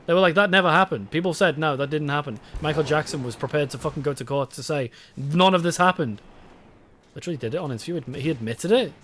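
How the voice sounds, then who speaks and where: A young British man streams a game and chats casually with his viewers, swearing and rambling. His voice sits on the high side, fast and fairly bright, with slight background noise.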